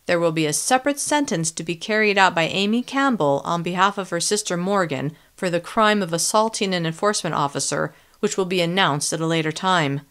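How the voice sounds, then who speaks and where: A woman voicing a male TV news reporter in an audiobook, giving the news in an even, formal way. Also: lowish voice, brisk, hardly any pauses, clear, resonant tone, natural voice.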